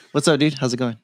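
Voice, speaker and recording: A man co-hosting a podcast, quick to swear and laugh. His voice is slightly high and very lively, recorded dry and close. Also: dry recording. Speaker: podcast co-host. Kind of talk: casual chat.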